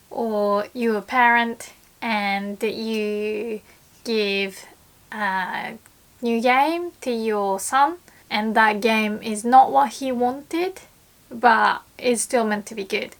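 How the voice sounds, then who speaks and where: A woman teaching Japanese in a casual video lesson, chatty and quick to act out example lines. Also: a little high, creaky, fairly bright tone.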